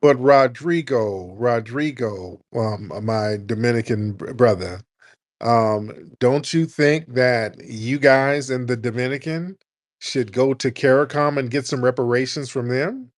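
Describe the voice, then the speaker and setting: A man's voice: medium pitch, measured pace. A man hosting a live call-in talk show, speaking in an emphatic, repetitive, preaching way. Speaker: host.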